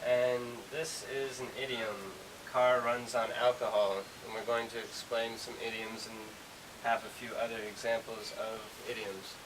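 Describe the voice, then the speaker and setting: A man's voice: medium pitch, little pitch movement, measured pace. A man co-hosting a casual English lesson, explaining step by step with frequent hesitations. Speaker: English teacher, co-host. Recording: hissy recording from a distance.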